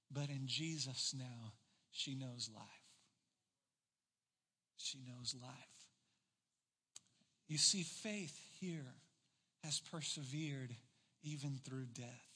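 Animated male preacher in a big echoey hall. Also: on the high side. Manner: animated storytelling, acts out quoted voices. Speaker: pastor. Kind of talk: sermon.

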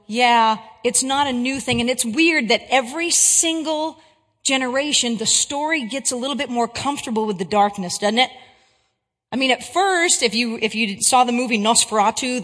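A woman giving a Christian talk to an audience, an English teacher and animated storyteller who keeps checking in with her listeners. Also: high-pitched, big-room sound.

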